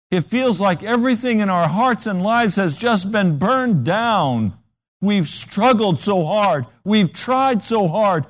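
A man preaching a sermon with dramatic, emphatic storytelling. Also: a little high.

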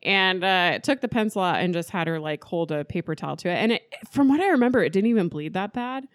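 A woman with a lower voice talks in a relaxed, chatty way and laughs often as she tells stories. The sound is dry and close, with no room around her. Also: fast, no room sound. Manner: laughs often, animated storytelling. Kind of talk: casual chat.

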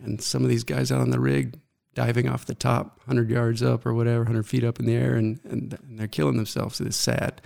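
Gravelly middle-aged man, earnest. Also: medium pitch, a little mellow. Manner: earnest, halting, reflective. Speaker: guest. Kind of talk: personal story in an interview.

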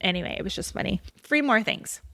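A woman co-hosting a podcast, chatting casually about a movie and telling her story with animated, rambling asides. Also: medium pitch, fast, gravelly. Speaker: podcast co-host. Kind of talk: casual chat reviewing a movie.

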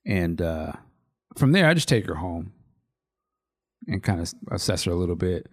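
A man's voice: sits low, sing-song, normal speed. A man in his thirties, a podcast co-host, telling a story in loose, rambling casual chat.

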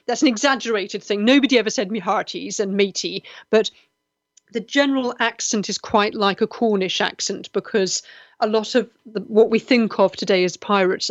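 A middle-aged woman from the West Country of England hosts a live chat show, earnest and chatty as she answers viewers. Her voice sits at a middle pitch. The sound is dull and dry, with no room around it. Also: no room sound. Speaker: host. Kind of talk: live-stream chat show, reading comments.

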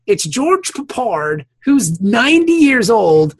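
Gravelly, husky man recapping a show. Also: very high voice, sing-song, takes it slowly, no echo. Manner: rambling, profane, laughs often. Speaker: podcast co-host. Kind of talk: casual chat recapping a TV episode.

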